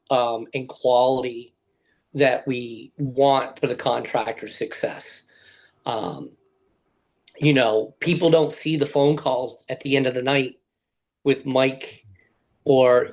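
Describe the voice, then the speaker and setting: A man's voice: mid-range voice, low-quality recording. A man who works as a sales rep, answering interview questions in a thoughtful, hesitant way with many fillers. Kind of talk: casual interview talk.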